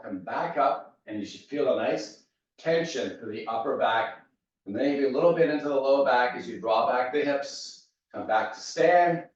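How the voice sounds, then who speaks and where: A male fitness instructor leading a guided mobility class with steady, easygoing cues. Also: medium pitch. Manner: steady cueing, easygoing asides. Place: large echoey fitness studio. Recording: echoey, distant, dull room sound.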